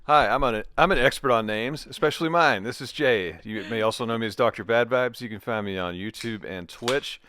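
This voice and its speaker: A man's voice: mid-range voice, brisk, hardly any pauses, sharp tone, dry recording, studio quality. A man joining as a guest in a casual commentary chat, wry and jokey, with some hesitations. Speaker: guest co-host.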